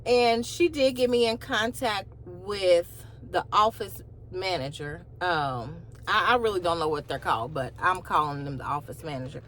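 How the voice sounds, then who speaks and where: A woman's voice: on the low side, moderate pace, hardly any pauses, slight background noise. A woman vlogger casually telling a personal story, acting out the other side of a phone call with incredulous asides. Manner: animated retelling with rising, incredulous asides. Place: in a car.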